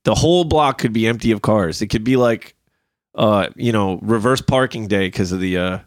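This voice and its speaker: A man's voice: on the low side, moderate pace, no echo, studio quality. A man in his thirties telling rambling, profane driving stories in a casual podcast chat, ranting as he goes. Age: 30s. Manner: profane, animated storytelling, rants. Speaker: podcast guest.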